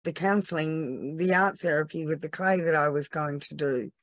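A woman's voice: low voice, normal speed, no echo. A woman, a laughter yoga trainer, telling her story on a podcast in an earnest, emotional way, teary at times. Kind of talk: podcast interview.

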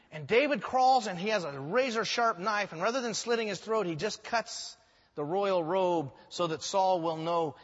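A man's voice: sits high, fairly bright tone. A male pastor preaching a sermon, telling stories animatedly with joking asides. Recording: echoey hall, dull sound.

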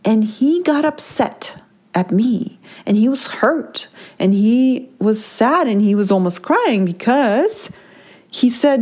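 Chatty mom with uneven pace. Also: female voice, a little high, animated, a little mellow. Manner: chatty, often checks in with "right?" and "like"; pace speeds up and slows down within a sentence. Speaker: mother sharing a personal story. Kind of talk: casual reflective monologue.

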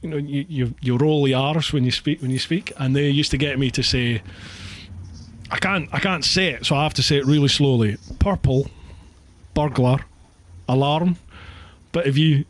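A man's voice: mid-range voice, a little fast, fairly bright tone. A Scottish man hosting a casual chat over a call, chatty and self-deprecating, laughing often. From Scotland. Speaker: podcast host.

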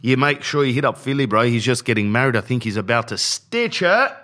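A man's voice: mid-range voice, expressive, a little fast, pushed and bright. A man ranting bluntly in slangy casual talk, often saying "bro", as a podcast host. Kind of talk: casual rant.

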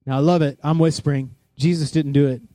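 A man preaching a sermon in a church, animated, acting out voices and sounds as he tells the story. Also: on the high side, a little fast, dry recording, clean studio sound. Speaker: pastor.

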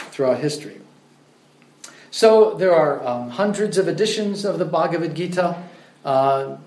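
A man giving a conversational lecture on scripture, telling stories with frequent fillers. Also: fairly high pitch. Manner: conversational, many fillers, storytelling. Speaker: religious lecturer. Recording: roomy echo.

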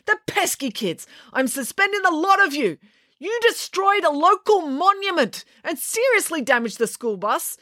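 A woman doing an apoplectic male schoolteacher who yells every line in a high, strained voice. He sounds perpetually outraged at the children, with a lively, swooping delivery. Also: moderate pace, dry recording, clean studio sound, heavily acted. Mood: furious. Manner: shouting, indignant. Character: furious male school bus driver teacher.

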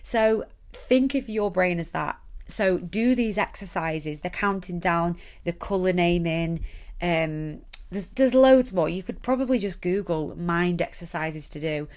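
A woman's voice: fairly low pitch, expressive, unhurried, darkish tone. A young woman chatting casually and rambling, then talking listeners through a relaxation exercise. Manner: chatty, rambling, many fillers. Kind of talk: casual chat and guided relaxation.

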